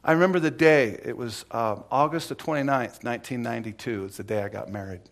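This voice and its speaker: A middle-aged male pastor delivers a sermon fast, in a mid-range voice, with folksy, personal storytelling and laughter. He swings from hushed whispers to loud, emphatic exclamations.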